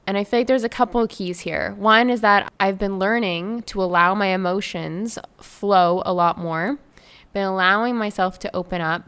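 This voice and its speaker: A woman's voice: medium pitch, a bit bright, clean tone. A young woman from Canada hosting her own podcast, telling a story in a chatty, effusive way with many fillers. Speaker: podcast host and life coach. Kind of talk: casual solo podcast storytelling.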